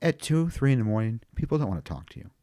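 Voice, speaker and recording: A man's voice: mid-range voice, very animated, fast talker, dark tone, no room sound, clean studio sound. A man, a funeral home owner, chatting casually on a podcast and telling rambling stories with plenty of swearing. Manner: profane, rambling storyteller.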